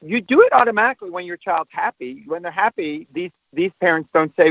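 A man answering interview questions as a parenting expert, explaining at length and turning animated when he shows how to talk to children. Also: sits high, fairly quick, no echo. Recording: tinny phone line, dry.

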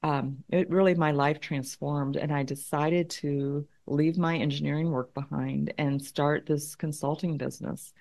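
Low-voiced middle-aged woman telling a story. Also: steady tone, unhurried, hardly any pauses, a little mellow. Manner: thoughtful, repeats words as she works out her point. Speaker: conflict consultant and guest. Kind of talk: conversational storytelling interview.

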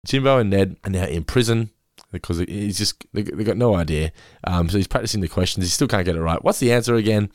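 Podcast host: low, animated, fast, casual review chat. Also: male voice, dry recording, studio quality. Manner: rapid recapping, swearing, laughing asides.

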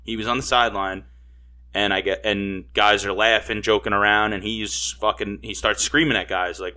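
A man's voice: lowish voice, steady tone, normal speed, pushed and bright. A man co-hosting a casual sports podcast, heated and swearing often, restarting his sentences. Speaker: podcast co-host.

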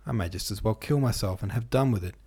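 A man reading aloud and voicing a frightened, ill young woman who speaks hoarsely and pleads. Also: lowish voice, fast talker, warm tone. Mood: pleading. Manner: clingy, fearful pleading.

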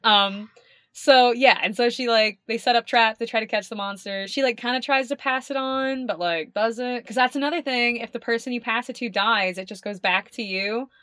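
A woman's voice: on the high side, moderate pace, a bit bright, dry recording. Chatty young woman podcaster, dry sound. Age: young adult. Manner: chatty, rambling, swears, laughs often. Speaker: podcast co-host. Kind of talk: casual chat.

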